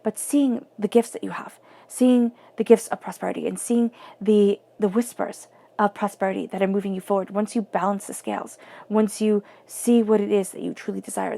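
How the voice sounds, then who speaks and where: Woman, tarot reader, gravelly low fry, mellow tone, flowing and searching, repeats herself. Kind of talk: spoken tarot reading.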